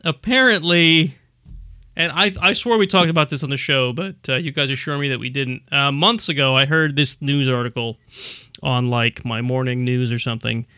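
A man's voice: medium pitch, normal speed, pushed and bright, clean tone, dry recording, clean studio sound. A man hosting a podcast in casual chat, rambling through stories and laughing often. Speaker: podcast host.

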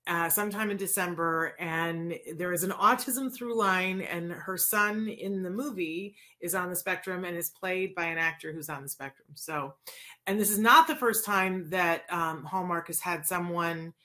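Woman, forties, live-stream host, chatty, lots of fillers, lowish voice. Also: normal speed. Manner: chatty and warm, many fillers. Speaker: host of a live autism show and podcast. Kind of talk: casual live-stream talk. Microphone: live-stream mic.

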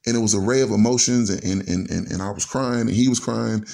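A man's voice: lowish voice, fast talker, vocal fry, darkish tone. A middle-aged man from Chicago telling a personal story in an earnest, conversational way, often linking thoughts with "and so". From Chicago, USA. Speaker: storyteller guest.

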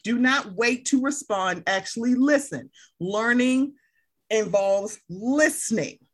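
A woman's voice: fairly high pitch, expressive, slow pace. A woman hosting a casual chat, passionate and blunt, swearing freely and acting out the people she quotes. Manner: vividly acts out quoted people.

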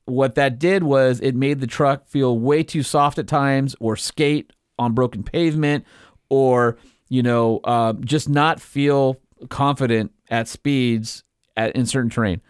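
A man co-hosting a podcast in casual chat, explaining things in technical detail with plain excitement. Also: medium pitch, unhurried, clean tone, dry recording, studio quality. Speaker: podcast co-host.

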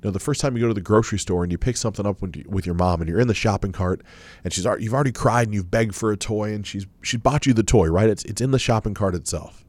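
A man with a fairly low voice leads a guided visualization as a self-help speaker. He coaches his listeners, asking them question after question. The sound is dry and close, with little room around it. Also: fast, darkish tone, dry recording. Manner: coaching, asks many questions.

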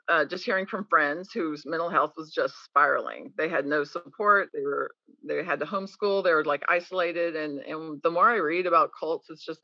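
A woman with a deep voice appears as a guest on a podcast interview, recorded with no echo but sounding muffled. She tells candid, animated stories and acts out the voices of people she quotes.

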